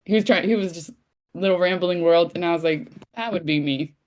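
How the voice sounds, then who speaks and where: Excitable woman gushing on a podcast. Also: on the low side, fairly quick. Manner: excitable, gushing, acts out her own reactions. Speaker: podcast co-host. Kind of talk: casual chat.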